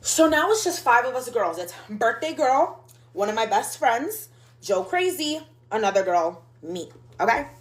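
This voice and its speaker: A woman's voice: fairly high pitch, unhurried. A woman in her mid-twenties telling a casual storytime, rambling and packing her sentences with fillers as she acts out what everyone said. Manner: rambling, filler-heavy, animated retelling.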